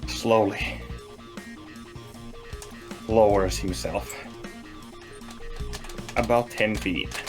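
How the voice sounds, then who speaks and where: A man playing a tabletop game, describing his character's actions in a slow, deliberate way with pauses. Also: on the low side, over music. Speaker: player.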